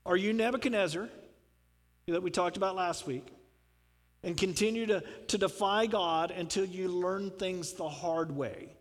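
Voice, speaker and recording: A man's voice: sits high, a little slow. A man preaching a sermon as pastor, emphatic and rising into fervent appeals, then closing in prayer. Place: church sanctuary. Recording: long hall reverb.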